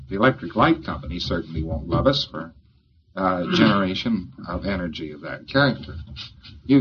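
A man's voice: lowish voice, a little hiss or hum. A man giving an informal lecture in a folksy, joking, rambling way, on a dull old tape recording.

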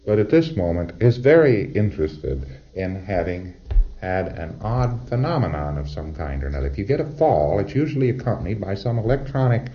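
Deep-voiced man lecturing on dull old tape. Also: very animated, a little fast, a little hiss or hum. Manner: conversational, wry, acts out exchanges. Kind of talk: recorded lecture to trainees.

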